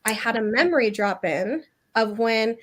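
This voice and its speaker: A woman's voice: a little high, lively intonation, normal speed, a bit bright. A woman in her thirties, a guest on a video call, telling a personal story in a chatty, loose way with many fillers and restarts.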